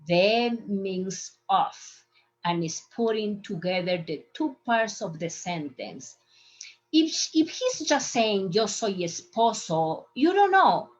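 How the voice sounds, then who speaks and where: A woman's voice: medium pitch, very animated, slow pace, lo-fi sound. A woman teaching a Spanish lesson over slides, speaking patiently and repeating words so learners can drill them. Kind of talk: online language lesson with slides.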